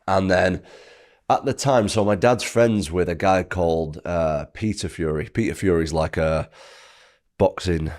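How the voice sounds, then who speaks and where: A man in his thirties from the United Kingdom, with an English accent, appears as a guest fighter telling his story. His voice is low and darkish, his pace measured, and his delivery casual and rambling, full of fillers and self-corrections.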